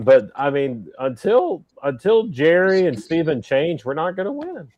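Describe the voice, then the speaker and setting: A man's voice: a little high, sing-song, unhurried, few pauses, a little mellow, highs cut off, slight background noise. Unsure guy hedging on a sports podcast, kinda far from the mic. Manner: hesitant, doubtful. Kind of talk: casual sports chat.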